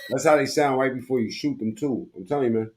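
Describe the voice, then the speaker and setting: A man's voice: medium pitch, fast talker, noisy background. Mocking man reacting to a video. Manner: mocking, crude, laughs at what he watches. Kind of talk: casual reaction commentary.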